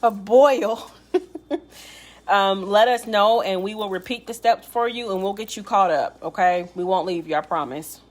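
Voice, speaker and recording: A woman's voice: mid-range voice, fairly even intonation, moderate pace, few pauses. Chatty woman with a Chicago accent. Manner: chatty, reassuring, addresses viewers by name. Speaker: co-host reading viewer comments. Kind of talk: live online cooking class.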